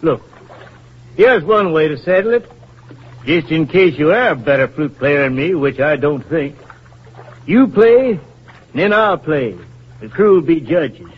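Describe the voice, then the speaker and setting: A stubborn young backwoods flute player. He talks plainly and earnestly, his voice husky and a touch high. The sound is dull and muffled, like an old radio broadcast. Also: expressive, measured pace, long pauses. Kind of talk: 1940s radio acting.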